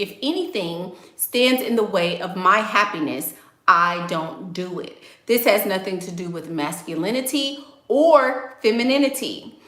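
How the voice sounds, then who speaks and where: An outspoken woman vlogger gives life advice, hammering her points home with repetition. Her voice is bright and forceful. It rings with a roomy echo. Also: mid-range voice. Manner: emphatic and outspoken, repeats key phrases. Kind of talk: casual advice monologue.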